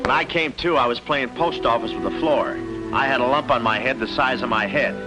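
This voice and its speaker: An actor playing a wisecracking, flustered amateur sleuth in a 1940s comedy film. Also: male voice, mid-range voice, a little fast, close to an everyday voice, low-quality recording. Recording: old film soundtrack with music.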